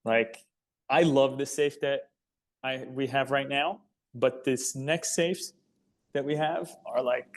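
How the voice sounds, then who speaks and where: A man with a mid-range voice talks as a guest in a relaxed interview. He explains his business plainly and earnestly. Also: medium pitch, takes it slowly. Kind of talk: casual interview chat.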